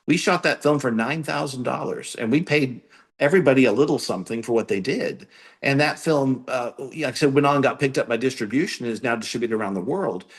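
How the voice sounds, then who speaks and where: A man's voice of middle pitch, speaking earnestly and plainly as he answers a podcast host. When he reaches an anecdote, he warms up and gets more animated. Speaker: guest filmmaker. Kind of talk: interview answers.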